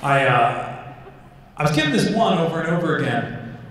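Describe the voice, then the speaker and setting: A man's voice: a little high, sing-song, normal speed, fairly bright tone, a little hiss or hum. A man doing a stand-up comedy set, telling a story and acting out the voices in it. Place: large hall with a live audience. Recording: echoey hall recording from far off.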